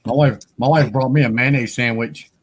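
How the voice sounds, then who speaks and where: A man's voice: mid-range voice, fairly even intonation, fairly quick, a little hiss or hum. A man hosting a casual chat, joking around with crude humor and laughing often. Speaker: host.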